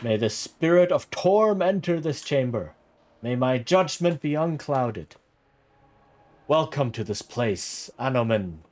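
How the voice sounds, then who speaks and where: A man doing a booming, stately priest. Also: expressive. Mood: ceremonial. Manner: loud, slow, ceremonial. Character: booming, stately priest presiding over a knighting.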